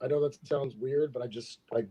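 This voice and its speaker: Laid back guy telling a story, warm dark tone, muffled lo-fi sound. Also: mid-range voice, a little fast, breathy edge. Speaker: guest. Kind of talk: casual comedy storytelling. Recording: dull lo-fi call audio.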